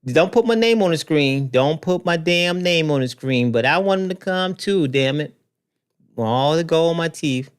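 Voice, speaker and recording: Animated man riffing on news clips. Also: fairly high pitch, normal speed, smooth. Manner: animated, repeats himself, talks to viewers directly. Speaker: commentary show host. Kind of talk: casual commentary on news clips.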